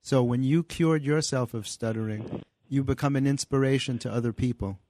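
A man's voice: mid-range voice, moderate pace, dark tone, slight background noise. A man being interviewed in a radio studio, telling stories in an earnest way. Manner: earnest storyteller. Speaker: guest, comedy writer and author. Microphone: studio microphone.

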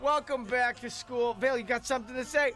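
A man's voice: very high voice, a little fast, a bit bright, faint music behind, pitched above the performer's own voice. A man voicing a sassy little girl greeting her class, brash and teasing.

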